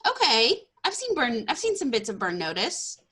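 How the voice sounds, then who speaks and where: A woman's voice: on the high side, wildly swooping pitch, moderate pace, bright, forceful tone, slightly rough. A woman in her twenties from Texas hosting a podcast, chatting casually and laughing often at herself. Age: 20s. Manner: bubbly, laughs often, self-deprecating. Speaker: podcast host. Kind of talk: casual interview chat.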